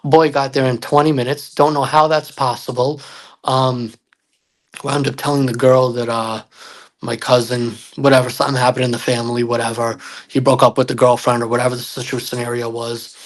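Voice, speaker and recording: A man's voice: medium pitch, little pitch movement, brisk. A man telling a personal story on a podcast as a guest, in a loose, rambling way, acting out what people said and filling gaps with "uh" and "like.". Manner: rambling, acts out quoted dialogue with many fillers. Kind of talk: casual storytelling.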